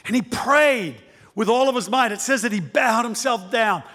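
High-voiced preacher in a ringing hall. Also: male voice, normal speed. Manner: animated, repeating phrases, rising to shouts. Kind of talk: sermon.

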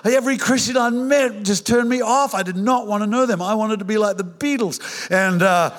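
An older man preaching a sermon, telling his own conversion story in an animated, joking way with many restarts. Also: high-pitched, normal speed. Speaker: pastor. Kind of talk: sermon with personal testimony. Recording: reverberant hall.

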